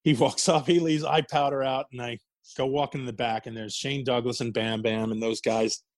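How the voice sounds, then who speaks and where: A man's voice: medium pitch, steady tone, normal speed, dry recording. A man telling wrestling stories in a casual interview, swearing freely and laughing as he goes. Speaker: guest, former wrestler.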